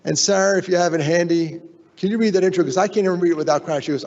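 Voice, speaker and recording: A man's voice: on the high side, steady tone, quick pace, creaky, darkish tone, in a large hall, lo-fi sound. A man giving a candid, emotional keynote talk at a conference, often breaking off and restarting his sentences. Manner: candid, emotional, self-interrupting. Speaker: keynote speaker. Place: conference hall.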